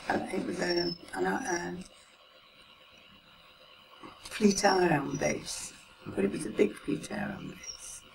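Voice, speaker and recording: Slow and full of pauses, her lowish voice carries heavy vocal fry as this seventy-something Mancunian woman recalls her life in an interview. She's chatty and quick to laugh, with a soft way of trailing off mid-thought. A distant microphone and hiss mark it as a home recording.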